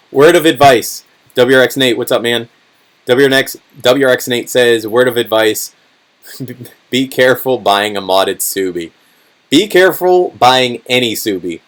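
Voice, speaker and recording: A man hosting a casual livestream, with a hoarse, worn-out voice, talking loosely with lots of fillers as he answers chat. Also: mid-range voice. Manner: chatty, many fillers, car-enthusiast talk. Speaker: channel host answering live chat.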